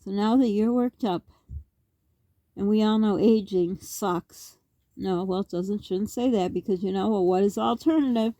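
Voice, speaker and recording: Her pitch sits in the middle and she talks at normal speed, warm and echo-free. This middle-aged Canadian vlogger rambles on to the camera in a worked-up way, firing off rhetorical questions.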